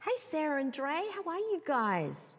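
Expressive woman preaching in a hall. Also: high voice, moderate pace. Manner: expressive storytelling, rhetorical questions. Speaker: pastor. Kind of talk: sermon.

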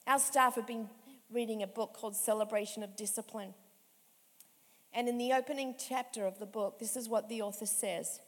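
A woman's voice: fairly high pitch, fairly even intonation, moderate pace, fairly bright tone. A woman in her fifties, a pastor giving a conversational sermon with emphatic repetition, in a reverberant hall. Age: 50s. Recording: echoey hall with long reverb.

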